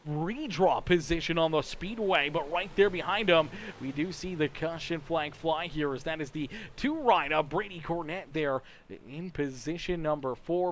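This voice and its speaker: Male race-stream commentator, slightly high pitch, fast friendly play-by-play, faint background hum. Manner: rapid-fire, rises to excited shouts on action. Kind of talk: sim racing livestream commentary.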